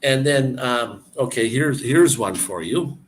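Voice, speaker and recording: A man chatting casually and explaining words, halting and searching for words as he goes. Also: mid-range voice, animated. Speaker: person explaining language to a visitor. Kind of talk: casual chat.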